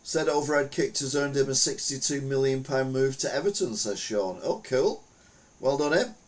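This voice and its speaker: Man, podcast host, casual news chat, wry rambling asides, mid-pitched voice. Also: a little mellow. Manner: rambling, wry, self-mocking jokes with filler-heavy asides.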